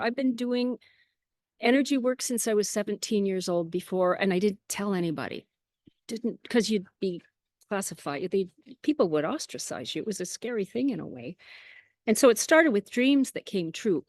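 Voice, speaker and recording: A woman chatting as an interview guest, telling lively anecdotes with quoted asides and frequent small laughs. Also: medium pitch, moderate pace, no echo, studio quality. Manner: laughs often between phrases. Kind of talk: casual storytelling.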